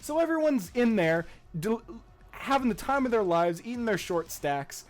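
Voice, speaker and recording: A man's voice: high voice, moderate pace, faint music behind. A young man and podcast co-host, telling a story in casual chat, swearing freely and laughing as he goes. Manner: profane, laughing, animated retelling.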